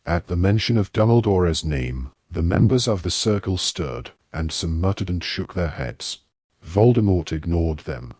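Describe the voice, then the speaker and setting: A man narrating a fantasy audiobook in a measured, dramatic storytelling manner. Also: deep voice, lively intonation, a little mellow, breathy edge, no room sound, studio quality. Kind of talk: scripted narration.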